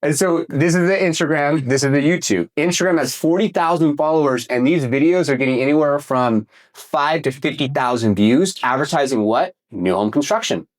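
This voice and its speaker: A man giving a casual, energetic workshop talk on real estate marketing, asking the audience questions and swearing now and then. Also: fairly high pitch, normal speed, hardly any pauses. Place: room with a live audience.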